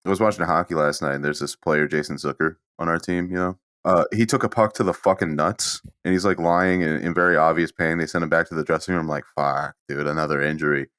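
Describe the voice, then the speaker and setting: Very deep-voiced deadpan man. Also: fast, hardly any pauses, smooth, dry recording, studio quality. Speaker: podcast co-host. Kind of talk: casual chat.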